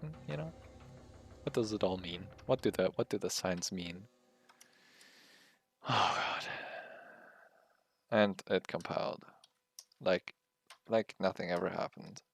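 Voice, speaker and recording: A man's voice: low-pitched, slow, creaky, long pauses, breathy edge. A man streaming live while coding, muttering, swearing and laughing at his own frustration. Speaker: livestreaming game developer.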